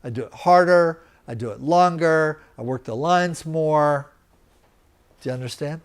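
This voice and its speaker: A man teaching a live lecture, explaining step by step and often checking that his students understand. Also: a little high. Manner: slow, deliberate, checks in with students. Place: teaching center room.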